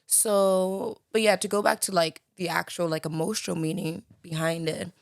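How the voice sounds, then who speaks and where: A woman's voice: fairly low pitch, steady tone, moderate pace, creaky, no room sound, studio quality. A young woman from the Bahamas with a light Bahamian accent, chatting as a podcast guest and filling her talk with "like" and "you know". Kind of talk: casual conversation.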